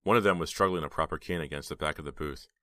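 Man, audiobook narrator, horror novel, steady storytelling, low pitch, bright tone. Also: quick pace, no room sound, clean studio sound.

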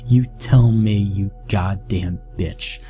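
A man voicing a defiant young woman test subject, shouting and swearing in a hoarse voice for a horror story reading, with music behind him. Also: fairly low pitch, takes it slowly. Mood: raging.

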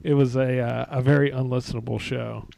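A man's voice: medium pitch, little pitch movement, a little fast, gravelly, darkish tone, no room sound. A man hosting a podcast, chatting casually in a rambling, self-deprecating way, laughing often. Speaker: podcast host. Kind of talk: casual chat. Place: away from home, remote.

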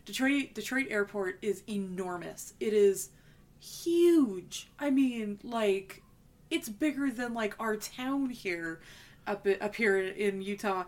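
A woman co-hosting a podcast, chatting animatedly about a movie, quick to jump in and often laughing. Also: mid-range voice. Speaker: podcast co-host. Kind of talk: casual movie chat.

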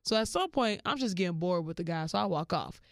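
A woman hosting a podcast, telling a story in a slangy, animated way and jumping into high voices for the people she quotes. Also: a little fast, dry recording, clean studio sound. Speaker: podcast host. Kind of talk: casual storytelling monologue.

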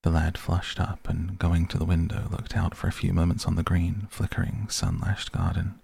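A man with a very low, gravelly voice reads a classic novel aloud to lull listeners to sleep. His delivery is slow and even, with a husky, breathy edge. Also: dry recording. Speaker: sleep podcast reader. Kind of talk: calm bedtime story narration.

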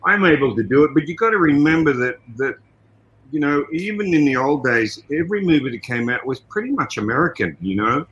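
An Australian man being interviewed as a guest, telling stories in an animated, casual way with many "you know" asides. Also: on the high side, brisk, lo-fi sound. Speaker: guest, martial arts trainer and fight coordinator.

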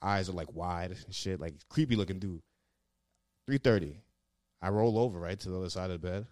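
A man's voice: low-pitched, fairly quick, darkish tone, no room sound, studio quality. A man telling rambling, profanity-laced stories in casual chat, full of fillers. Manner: laid-back, swears a lot, lots of fillers. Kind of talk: casual storytelling.

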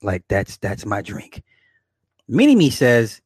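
A man's voice: on the low side, wildly swooping pitch, takes it slowly, a little mellow, slightly rough, dry recording, clean studio sound. A man in his forties hosting a casual livestream, rambling and swearing, laughing often and talking straight to his viewers. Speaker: livestream host. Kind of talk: casual livestream chat, reading comments.

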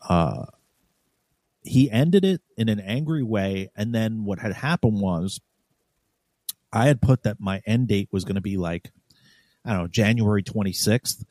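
A lower-pitched man tells his story as a guest in a casual interview. He is blunt and profane, and he keeps circling back and restarting his sentences. His voice is recorded dry and close, with no room sound. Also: animated, normal speed, pauses often, mellow, no echo. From New York. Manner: blunt, profane, heated retelling with many restarts. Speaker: guest, former police sergeant.

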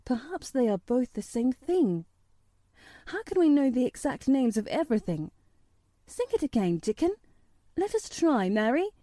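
A woman's voice: high voice, very animated, moderate pace, warm tone, no room sound, clean studio sound. A woman reading aloud, voicing an earnest, formal young boy who talks in a precise and eager way.

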